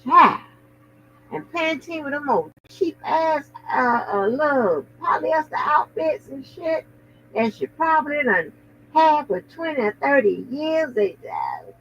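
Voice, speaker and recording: A woman host giving casual, profane commentary with animated, drawling asides. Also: sits high, unhurried, slight background noise. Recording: dull lo-fi sound.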